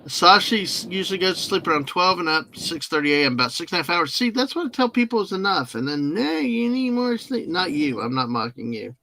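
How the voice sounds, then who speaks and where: A man hosting a live stream from a car, chatting in a relaxed, joking way. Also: a little high, quick pace, few pauses, rough recording. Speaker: host of a live driving stream. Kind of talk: casual chat.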